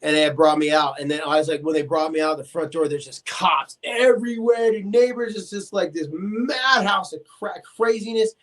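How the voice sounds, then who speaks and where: A man's voice: fairly high pitch, moderate pace, hardly any pauses. A man in his forties, a podcast guest, telling a long story in casual talk, full of fillers and acted-out quotes. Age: 40s. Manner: animated, acts out quoted voices, many fillers.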